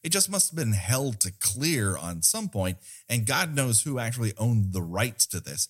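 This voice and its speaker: A man hosting a podcast in casual chat, with a playful, showman-like delivery into a boom-arm microphone. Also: sing-song, moderate pace. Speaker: podcast host.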